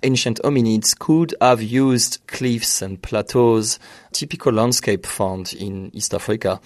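A man's voice: fairly low pitch, unhurried, dry recording. A man being interviewed as a researcher, explaining carefully with slightly non-native phrasing. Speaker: researcher guest. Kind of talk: interview answers.

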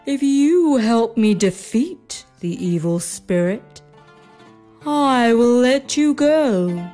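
An old male crocodile from a storybook, as a woman puts him on, slow and solemn, laying down his terms. He speaks at an unhurried, stately pace, with a faint bed of music behind him. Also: medium pitch, dark tone. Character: old male crocodile, bargaining lake lord. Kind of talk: storybook reading.

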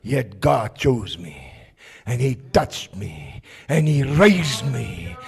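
A South African man preaching a fervent testimony sermon at a service in a prison, with a raspy voice. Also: medium pitch, very animated, takes it slowly. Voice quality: raspy, gravelly voice.

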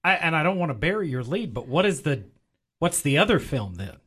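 A man's voice: fairly high pitch, very animated, brisk, a bit bright, slightly rough. A man co-hosting a film review podcast, chatting in a rambling, enthusiastic way. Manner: rambling and enthusiastic, with frequent fillers. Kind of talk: casual chat.

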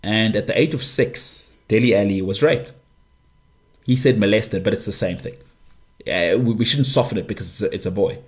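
A man hosting a podcast, delivering an impassioned monologue with forceful, repetitive emphasis. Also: fairly low pitch, normal speed. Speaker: podcast host.

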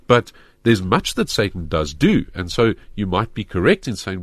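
A man's voice: fairly low pitch, very animated, normal speed, no room sound. A man, a pastor earnestly explaining faith questions in a studio discussion. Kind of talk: Christian talk show discussion.

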